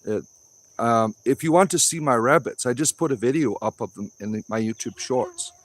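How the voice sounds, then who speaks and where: A man in a casual livestream chat, speaking at an ordinary middle pitch. He answers viewers bluntly and offhandedly, slipping into preachy little sermons. He is recorded outdoors in a wooded grove. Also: expressive, moderate pace, no echo. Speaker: livestream host reading chat.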